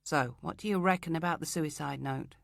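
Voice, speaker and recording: A man's voice: fairly high pitch, brisk, gravelly, fairly bright tone, dry recording, studio quality. A woman voicing an easygoing male detective colleague who talks plainly and bluntly. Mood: frank.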